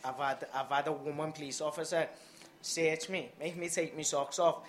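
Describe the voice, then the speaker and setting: A young man in his twenties speaks from the audience in a soft, halting way. His voice sits slightly high and is picked up from a little distance. Faint room ambience stays in the background. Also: little pitch movement, a little hiss or hum. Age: 20s.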